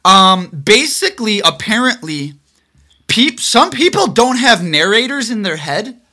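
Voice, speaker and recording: A young man co-hosting a casual podcast, excitable and animated, often restarting his sentences. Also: high-pitched, unhurried. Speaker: podcast co-host. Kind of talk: casual chat.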